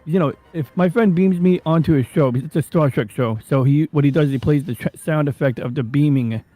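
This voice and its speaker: A man streams and chats in a rambling, animated way. His voice sits a bit high for a man, with a mellow, dark-edged tone. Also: fairly quick, no room sound, soft background music. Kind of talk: casual chat.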